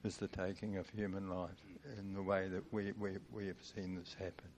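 Low-voiced guy in church, earnest, stumbles and repeats words. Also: level tone, normal speed, a little mellow, slight background noise. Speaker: church member giving Christmas wishes.

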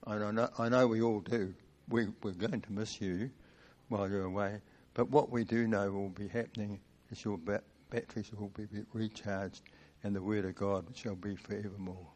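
A man in a church giving earnest, halting Christmas wishes and a farewell to the congregation. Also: on the low side, fairly even intonation, darkish tone. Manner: halting and earnest, repeating words.

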